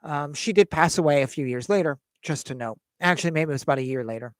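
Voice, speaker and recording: A man's voice: on the high side, fast, smooth, no room sound. A man hosting a livestream, telling a personal story in a hesitant way, repeating words and acting out the voices of the people in it. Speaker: host.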